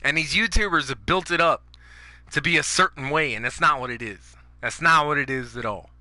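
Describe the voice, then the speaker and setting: A man's voice: on the high side, brisk, bright, forceful tone, dry recording, faint music behind. Profane, fired-up young-sounding man ranting. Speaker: gaming YouTuber. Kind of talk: ranting gameplay commentary.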